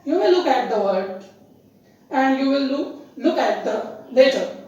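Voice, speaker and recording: Slow, high-voiced teacher. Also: female voice, animated, a little mellow, far from the mic, muffled recording. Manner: slow, deliberate, spells words letter by letter. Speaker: English teacher. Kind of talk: pronunciation lesson. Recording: very echoey room, voice off-mic.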